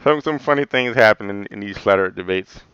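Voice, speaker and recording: A man's voice: lowish voice, fairly quick, fairly bright tone, smooth, no echo, muffled recording. A man hosting a livestream and answering live comments in a loose, rambling way, laughing often and saying "man" a lot. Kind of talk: casual livestream chat.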